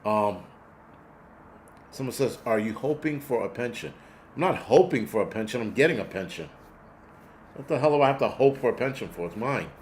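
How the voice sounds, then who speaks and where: A man's voice: medium pitch, expressive, normal speed, long pauses, darkish tone, slight background noise. A man hosting a casual talk stream, telling a rambling street story with blunt, profane language and lots of fillers. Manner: rambling, answers viewer donations mid-story. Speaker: host. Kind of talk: casual chat.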